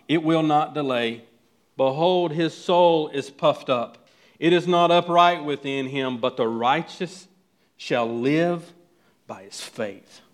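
A man with a fairly high voice preaching to his congregation. He drops to near-hushed lines, then climbs into loud, urgent questions. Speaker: pastor. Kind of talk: sermon.

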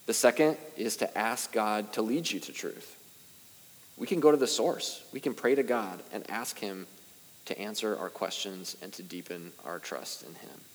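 Young guy preaching to his church, chatty and self-deprecating, lowish voice, big echoey hall. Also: normal speed. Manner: conversational and self-deprecating, with rising emphasis. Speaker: pastor. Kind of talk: sermon. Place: church sanctuary.

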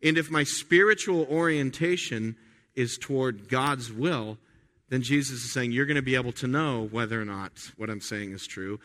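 A man pastor preaching a sermon in a conversational way, full of restarts and rhetorical questions, swinging from quiet asides to loud emphatic lines. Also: mid-range voice, normal speed.

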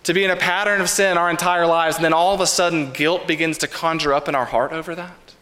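A man preaching a sermon as pastor, earnest and measured, with repeated refrains. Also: a little high, steady tone, pushed and bright. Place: church sanctuary. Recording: reverberant church sanctuary.

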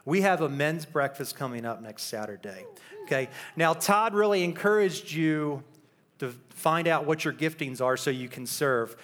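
A man's voice: on the high side, a bit bright. A man speaking as a youth pastor in church, recapping a weekend retreat with upbeat stories and rousing questions to the congregation. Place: church sanctuary.

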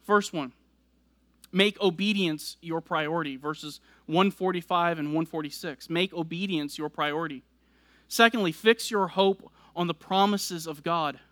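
A man's voice: a little high, measured pace, bright, forceful tone, dry recording. A man preaching a sermon, explaining scripture verse by verse and building emphasis as he goes. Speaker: pastor.

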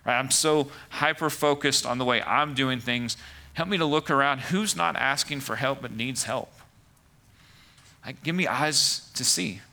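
A man's voice: medium pitch, a little slow, gravelly, pushed and bright. A man preaching a conversational sermon as pastor, full of "like" and "right" asides.

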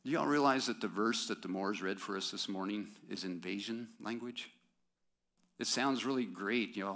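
A man preaching a sermon in a church service, talking conversationally to the congregation with rhetorical questions and quick asides. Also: medium pitch, fairly bright tone. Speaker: pastor.

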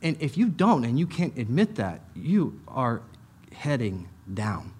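A middle-aged man preaches in a relaxed, conversational way, with a voice of middling pitch. He drives points home by repeating short phrases and drops in offhand asides along the way. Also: a little slow, slightly rough. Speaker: pastor. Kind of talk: sermon.

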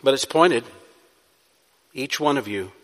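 A man's voice: medium pitch, animated, slow pace, fairly bright tone. A man preaching a sermon, building to emphatic peaks and then easing back into a conversational tone. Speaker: pastor. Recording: long reverb of a hall.

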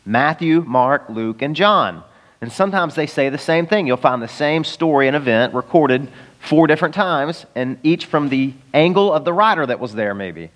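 A man preaches in a loose, talky style, slipping into the voices of the figures he quotes. His voice sits a little high. The sound rings with the long reverb of a church hall. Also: animated, normal speed, fairly bright tone. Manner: conversational, acts out quoted voices. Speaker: pastor. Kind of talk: sermon.

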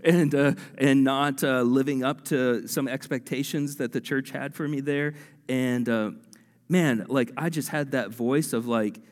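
A male pastor preaches in an animated, conversational way, full of fillers and self-deprecating asides. His mid-range voice rings out into a church hall with a long reverb. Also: medium pitch. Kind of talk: sermon.

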